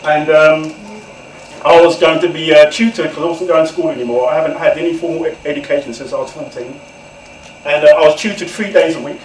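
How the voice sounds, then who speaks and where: In an echoey event room, with the mic far off and slight background noise, a guest author from England in his forties tells his life story. He talks briskly in a voice on the high side, candid and conversational, and often speaks directly to his audience.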